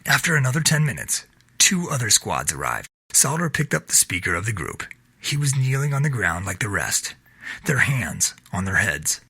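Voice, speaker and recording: Man reading a novel aloud, husky, bright, lively pitch, dry close recording. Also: normal speed, no echo. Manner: steady storytelling read. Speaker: narrator.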